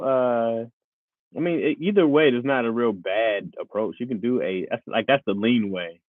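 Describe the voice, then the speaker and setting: A man in his thirties chatting casually with viewers on a live stream. He is animated and laughs often. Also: moderate pace, no room sound. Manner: animated, laughs often, jumps into high voices. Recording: tinny phone-like, dry.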